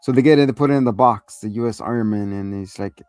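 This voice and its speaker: A man's voice: fairly low pitch, fast talker, few pauses, a little mellow, clear, resonant tone, no echo, faint music behind. A man hosting a show, giving a rambling, profane, casual recap of a TV episode and acting out lines. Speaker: show host reviewing a TV episode.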